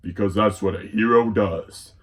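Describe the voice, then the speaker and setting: Young guy, lower voice, goofy rambling comedy recap with deadpan asides. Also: normal speed. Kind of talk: silly comedic episode summary with quick voice impressions.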